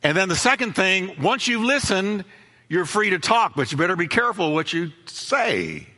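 A man's voice: high voice, big pitch swings, moderate pace, bright, forceful tone, big-room sound. A man preaching a sermon as pastor, emphatic, repeating key phrases and acting out both sides of conversations.

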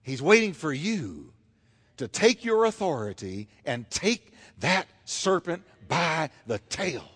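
A man's voice: on the high side, sing-song, slow pace, a bit bright, slightly rough. A man preaching a fervent sermon, driving his points home with repeated rhetorical questions.

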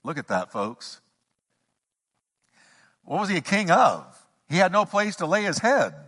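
Male pastor preaching, voice kinda high and swinging all over, long echo from the sanctuary. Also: very animated, unhurried, a bit bright, slightly rough. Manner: emphatic preaching with rising repeated questions. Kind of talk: sermon. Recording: long hall reverb.

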